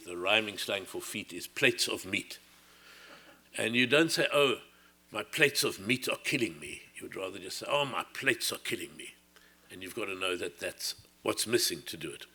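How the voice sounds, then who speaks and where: A man's voice: fairly low pitch, sharp tone. An older man from South Africa giving a reflective public lecture, often circling back and restarting his sentences.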